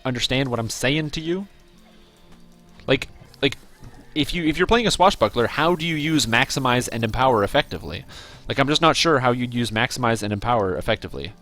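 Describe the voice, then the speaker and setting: Excitable man streaming a game. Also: mid-range voice. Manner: rambling, chatty, addresses viewers directly; excitable reactions to gameplay. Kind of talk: casual live-stream commentary.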